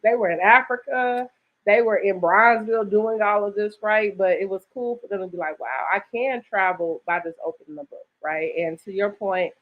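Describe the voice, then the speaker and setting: An upbeat woman host chats about a book festival, often tossing in "right?" as she goes. She has a slight lisp, and her voice sits at a middle pitch on dull lo-fi audio. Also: moderate pace. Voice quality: slight lisp from dental aligners. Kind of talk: casual promotional chat.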